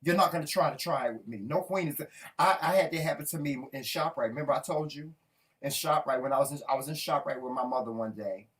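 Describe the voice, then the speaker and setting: A man's voice: fairly high pitch, fast talker, fairly bright tone, far from the mic. A man co-hosting a talk show, telling heated stories brashly and cursing a lot. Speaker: co-host. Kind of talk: casual chat.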